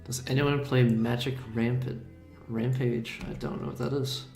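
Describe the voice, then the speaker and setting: A man chats on a livestream at a middle pitch, keeping his energy deliberately low and joking along the way. His voice carries a noticeable room echo, with faint music playing underneath. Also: fairly even intonation, a little mellow. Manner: laid-back, deliberately low-key, joking. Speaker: animator hosting a dev livestream. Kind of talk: casual livestream chat.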